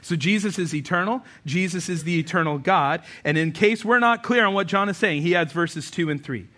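A man with a high, bright voice preaches in a conversational, emphatic style. He drops into quick imagined voices of doubters and then returns to his point. This is a pastor addressing his congregation. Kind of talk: sermon. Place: church hall, also streamed online.

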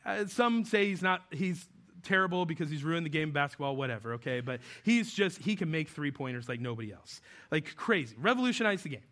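A man's voice: on the high side, expressive, brisk, fairly bright tone. A man in his forties, originally from New Mexico, preaching a casual, conversational sermon with jokes, often acting out the voices he quotes. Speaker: pastor.

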